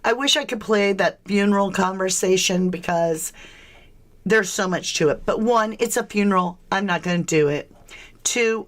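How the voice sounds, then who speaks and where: A Southern American woman hosts a laid-back true crime livestream, greeting viewers in a chatty, questioning way. Her voice sits on the lower side, with a fairly bright tone.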